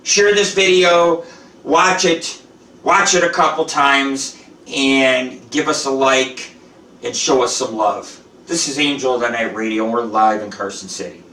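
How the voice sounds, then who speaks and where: A man's voice: mid-range voice, measured pace, bright, forceful tone, far from the mic, slight background noise. A man hosting a live home cooking show, talking in a profane, boastful, rambling way. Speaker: show host. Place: home kitchen. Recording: roomy echo, off-mic.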